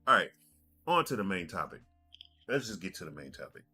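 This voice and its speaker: A man's voice: deep voice, sing-song, fairly quick, sharp tone, breathy edge, soft background music. A man in his forties telling a rambling story on his gaming podcast, doubling back and repeating himself as he goes. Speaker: podcast host. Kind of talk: casual podcast monologue.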